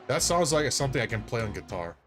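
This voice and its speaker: A man's voice: mid-range voice, sing-song, fast talker, over music. A man streaming a role-playing game, playful, laughing often and reading the game text aloud. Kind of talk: casual gaming commentary.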